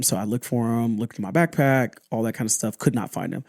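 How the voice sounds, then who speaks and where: A man's voice: mid-range voice, creaky, darkish tone, no room sound, clean studio sound. Candid man telling a personal story. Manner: candid and halting, with restarts and acted-out quotes. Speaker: podcast host.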